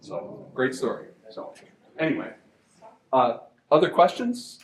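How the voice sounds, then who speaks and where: A man moderating a panel, telling an anecdote in a relaxed storytelling way. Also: mid-range voice, unhurried, a little hiss or hum. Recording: echoey room.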